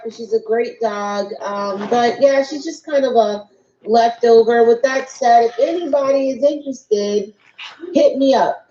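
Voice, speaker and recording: A woman with a Texan accent, a dog breeder co-hosting a casual chat, talking in a halting way with many ums and restarts. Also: on the high side, warm tone. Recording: roomy, dull with faint noise.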